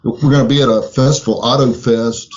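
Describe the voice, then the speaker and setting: A man's voice: medium pitch, steady tone, a little fast, a little mellow. A man, a band member guest, talking easily in an interview. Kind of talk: interview answers. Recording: dull lo-fi podcast audio.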